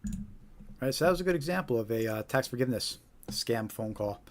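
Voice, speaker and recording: A man's voice: medium pitch, expressive, brisk, slight background noise. A man hosting a live stream, talking casually and often asking "right?". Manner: casual, repetitive, tag questions. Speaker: host.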